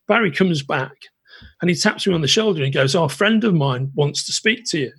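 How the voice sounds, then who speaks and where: A British man hosting a podcast, telling a long anecdote in an animated way with lots of restarts. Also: fairly high pitch, fairly quick, husky, no echo. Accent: British English. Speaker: podcast host. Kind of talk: casual storytelling chat.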